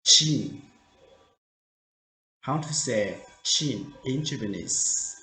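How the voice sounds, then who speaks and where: A man teaching vocabulary in a slow drill, repeating each word carefully in simple, broken phrasing. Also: medium pitch, animated, pushed and bright. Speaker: language teacher. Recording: roomy echo.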